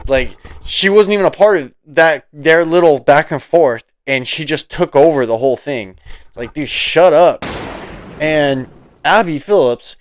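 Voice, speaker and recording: A man's voice: fairly high pitch, normal speed, slight background noise. A man hosting political commentary, ranting in a heated, profane, mocking way.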